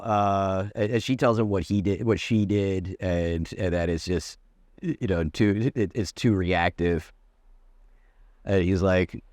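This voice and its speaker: A man's voice: low voice, slow pace, a little mellow, no echo, studio quality. A man who is a comedian, telling a long personal story in a casual, profane way, with many restarts and acted-out back-and-forth dialogue. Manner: rambling, profane, with many restarts and quoted exchanges. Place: New York City.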